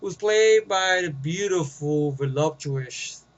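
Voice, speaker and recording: Rambling New York guy, high voice. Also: animated, normal speed, fairly bright tone, muffled recording. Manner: rambling, profane, easily sidetracked. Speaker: movie reviewer. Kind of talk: casual rambling film review.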